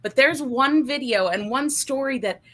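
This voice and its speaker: A woman hosting a casual interview, speaking in a halting, encouraging way. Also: high voice, fairly bright tone. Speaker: podcast host.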